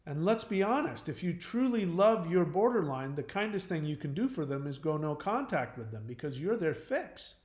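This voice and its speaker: Male host, casual rambling delivery, slightly high pitch, recorded in a reverberant room. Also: sing-song, moderate pace, hardly any pauses, darkish tone. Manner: rambling, with frequent restarts and fillers. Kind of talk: casual livestream talk.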